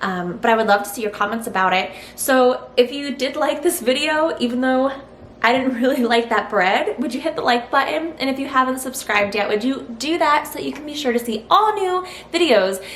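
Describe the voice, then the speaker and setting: Woman, fairly high voice, casual cooking vlog, frank and chatty, home kitchen, roomy echo. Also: animated, moderate pace, fairly bright tone, slight background noise. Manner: chatty, frank, thinking aloud. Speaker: cooking vlogger. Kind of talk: casual recipe-testing vlog.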